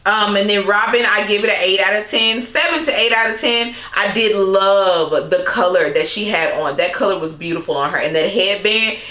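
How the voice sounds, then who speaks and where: A woman's voice: medium pitch, normal speed, hardly any pauses, pushed and bright, reverberant. A young woman recapping a reality show in casual, sassy commentary, laughing often and throwing in slangy asides.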